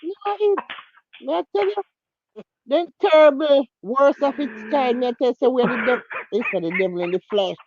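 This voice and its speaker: A woman's voice: high voice, normal speed, noisy background. A woman from Jamaica with a Jamaican accent, talking emphatically in a casual chat, repeating herself and laughing often. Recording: dull lo-fi, dry.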